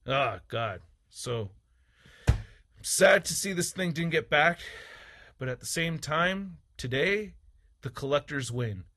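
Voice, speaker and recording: Husky male toy reviewer, raised-pitch tone, angry profane vlog rant. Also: expressive, slow, pauses often, fairly bright tone. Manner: heated, profane, combative; mocking, sarcastic asides. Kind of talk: ranting opinion vlog.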